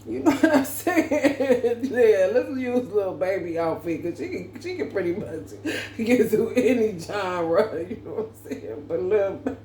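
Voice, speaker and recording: Slow, laughing slangy woman reader. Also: medium pitch, lively intonation, warm tone. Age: adult parent. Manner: slangy, laughing, loose and profane. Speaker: tarot reader. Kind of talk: casual tarot reading monologue. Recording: echoey room with faint background noise.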